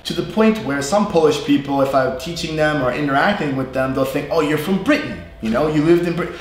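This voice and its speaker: A man with a New York accent leads a casual live English lesson in a slightly high voice. He talks freely, checks in with his listeners as he explains, and sounds like he is in an echoey room. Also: expressive, fast, slight background noise. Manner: chatty, explains with frequent "right?" and "you know". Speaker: English teacher. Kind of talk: live online class chat.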